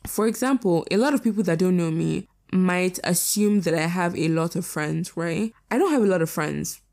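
Fast-talking candid teen girl. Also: on the low side, gravelly, darkish tone. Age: late teens. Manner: candid, rapid, repeats herself for emphasis. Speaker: podcast host. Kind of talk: casual monologue.

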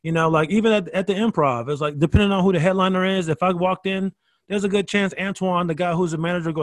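A man, a stand-up comedian, telling stories in a casual podcast chat, animated, swearing freely and restarting his sentences. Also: sits high, fast, no echo, studio quality. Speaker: guest comedian.

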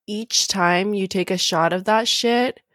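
A woman's voice: mid-range voice, measured pace, a bit bright, no room sound, studio quality. A young adult woman co-hosting a podcast in casual chat, blunt and emphatic with a lot of swearing. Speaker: podcast co-host.

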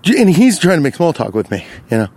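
A man telling a rambling comic story with a profane, animated delivery, breaking into loud high-pitched asides, recorded outdoors while walking beside a lake. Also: fairly quick, breathy edge.

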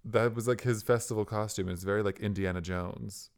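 A man with a fairly low voice co-hosts a podcast. His casual chat is full of dry, teasing jabs aimed at his co-host. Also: steady tone, a little fast, creaky, smooth.

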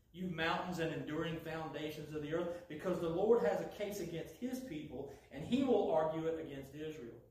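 A man preaching a sermon in an animated way, taking on a sarcastic edge when he voices God's lines. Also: fairly high pitch. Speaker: pastor. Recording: echoey hall, voice from far off.

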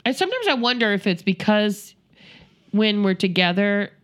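Lively woman telling a family story. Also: medium pitch, normal speed. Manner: animated storyteller, acts out voices.

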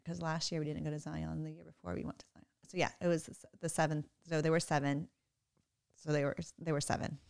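A woman in her thirties, a mother chatting casually on a podcast, animated and often laughing. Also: low voice, fairly quick, vocal fry, clean tone. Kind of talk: casual chat.

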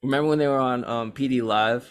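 Profane young man telling animated stories. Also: mid-range voice, fast, clean tone. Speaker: podcast host and rapper. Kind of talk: casual chat.

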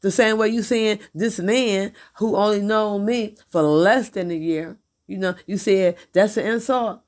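A woman's voice: medium pitch, fairly even intonation, unhurried, darkish tone. A middle-aged woman venting in a blunt, profane, repetitive monologue about her husband. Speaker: vlogger.

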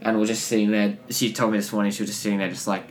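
A man's voice: fairly low pitch, little pitch movement, racing. A young man co-hosting a casual chat, telling stories with lots of fillers and laughter. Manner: rambling storyteller, many fillers and restarts, laughs often. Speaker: podcast co-host.

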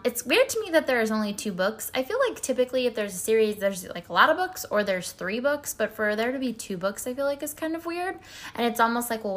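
Woman doing a book vlog, bright sharp voice, loads of likes and ums, candid chatty vibe. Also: mid-range voice. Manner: rambling, heavy on fillers like "like" and "um"; chatty and candid, light laughs. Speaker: book vlogger. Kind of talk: casual book review chat.

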